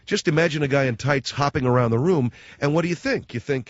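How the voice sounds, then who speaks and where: Guy ranting sarcastic like a talk show host, loud then muttery, kinda muffled dry audio. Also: fast talker, dry recording. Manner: sarcastic, mocking, swings between loud outbursts and low asides. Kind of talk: comic rant.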